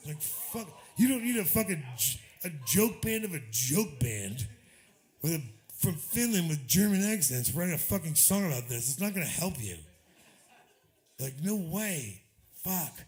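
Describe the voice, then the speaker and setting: A man's voice: a little high, very animated, unhurried, a little mellow. A man musician chatting on a club stage between songs, rambling, swearing freely and chuckling at himself, recorded through a stage vocal mic. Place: small live music club, indoors.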